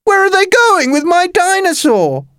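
A man voicing an earnest, innocent young boy in a high, eager voice. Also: wildly swooping pitch, moderate pace, darkish tone, dry recording, clean studio sound. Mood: alarmed.

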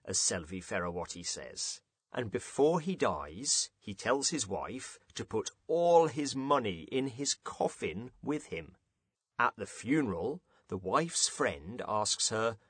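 A man hosts a learners' podcast and reads out listeners' jokes in a lively, amused way. His voice is somewhat husky, and his pitch swings widely. The recording is dry and close. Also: slow, no echo. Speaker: podcast host.

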